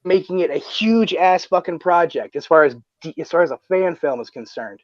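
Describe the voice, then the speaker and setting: Male streamer, high-pitched and passionate, swears a lot; dull, dry mic sound. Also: normal speed, no room sound. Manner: excited, swears often, many restarts. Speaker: stream host. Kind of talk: casual livestream chat.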